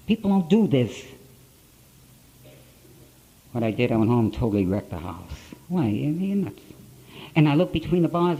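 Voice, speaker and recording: A middle-aged man giving a personal recovery talk to an audience, in blunt storytelling with plain, rough grammar, on an old conference tape. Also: mid-range voice, dark tone, low-quality recording.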